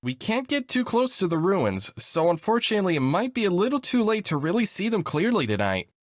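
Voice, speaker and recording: A man voicing an adult male tour guide in a game, explaining the sights in a steady, informative way. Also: high-pitched, fairly quick, no echo, clean studio sound.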